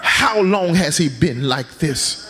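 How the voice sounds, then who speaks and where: A man's voice: a little high, expressive, takes it slowly, fairly bright tone. A man preaching a passionate sermon in a church, tossing out call-and-response asides to the congregation. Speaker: pastor. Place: church sanctuary.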